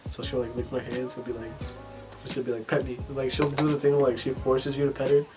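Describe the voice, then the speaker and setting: A man's voice: mid-range voice, steady tone, quick pace, music in the background, low-quality recording. A man hosting a podcast in casual chat, rambling, swearing freely, and leaning on fillers. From family ties to Texas. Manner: rambling, profane, many fillers. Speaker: podcast host.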